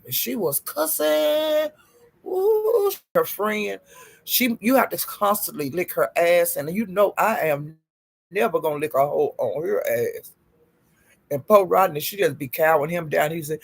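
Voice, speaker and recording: A man telling gossip in a casual vlog, with a sassy and profane manner, calling his listeners honey and child and jumping up in pitch for emphasis. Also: vocal fry, breathy edge. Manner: animated, jumps up in pitch for emphasis. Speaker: gossip vlogger.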